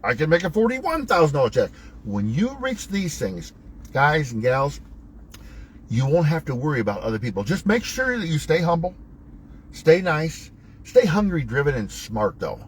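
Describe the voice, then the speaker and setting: A man's voice: on the high side, sing-song, moderate pace, slight background noise, low-quality recording. A man hosting a motivational talk, coaching viewers in a preachy, emphatic, folksy way with wide swings in his voice. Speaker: host.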